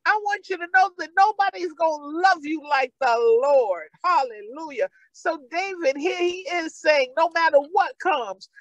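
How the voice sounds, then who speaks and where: A woman's voice: very high-pitched, lively intonation, moderate pace, hardly any pauses, no room sound, rough recording. A woman pastor with a New York accent, preaching a sermon with fervent, repeated calls.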